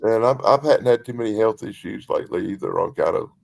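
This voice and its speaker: Gravelly-voiced man, folksy rambling talker, casual group chat. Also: on the low side, quick pace, a little mellow. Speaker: community chat participant.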